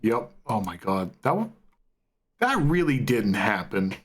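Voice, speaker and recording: A man in casual chat, chiming in with short relaxed reactions and comments. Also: lowish voice, a little slow.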